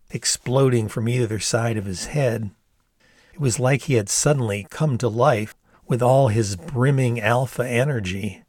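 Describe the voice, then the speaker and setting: An older man reading his own memoir aloud in a measured storytelling manner. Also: mid-range voice, darkish tone, no room sound. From Ann Arbor, Michigan, USA. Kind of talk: audiobook narration.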